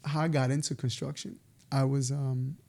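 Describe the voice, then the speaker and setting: A man, telling stories in a casual, animated way as a podcast guest, laughing now and then. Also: medium pitch, moderate pace. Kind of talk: casual storytelling interview.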